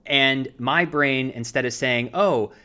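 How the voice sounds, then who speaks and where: A man's voice: mid-range voice, slow pace. A man in his thirties co-hosting a casual show, telling a long anecdote with lots of fillers. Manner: rambling, filler-heavy, animated retelling. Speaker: podcast co-host, actor. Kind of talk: casual storytelling chat.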